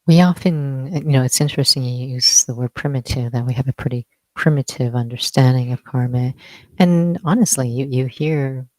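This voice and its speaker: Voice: mid-range voice, moderate pace, dark tone, dry recording. An interviewer asking thoughtful questions in a conversation about spiritual teaching, working each question out aloud.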